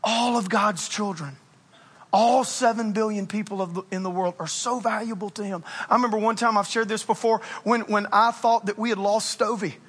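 High-voiced animated pastor in a reverberant church. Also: male voice, moderate pace, slightly rough. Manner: animated, self-mocking storytelling. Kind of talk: sermon. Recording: long reverb of a large church hall.

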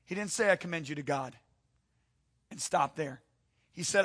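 A man's voice: on the high side, normal speed, pauses often, fairly bright tone, husky. A male pastor preaching a sermon, emphatic, calling out to the congregation and repeating words for stress.

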